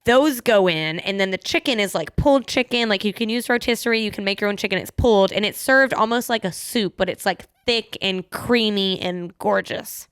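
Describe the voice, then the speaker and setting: A woman's voice: medium pitch, moderate pace, few pauses, clear, resonant tone, no echo, clean studio sound. A young woman with a Southern US accent, chatting casually as a podcast co-host and filling her talk with "like.". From Mississippi. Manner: chatty, lots of "like" fillers. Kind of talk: casual chat.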